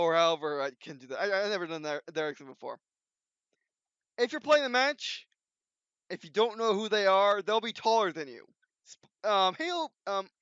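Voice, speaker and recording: A man's voice: high voice, a bit bright, clean tone, no room sound. A man hosting his own video, talking off the cuff in a rambling way, full of restarts and fillers, in a dull lo-fi recording. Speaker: video host. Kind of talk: unscripted casual commentary.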